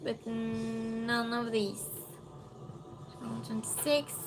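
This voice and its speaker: A woman's voice: on the high side, monotone, slow pace, music in the background. A woman hosting a casual trivia stream, reading questions aloud and chatting with viewers, sometimes raising her voice.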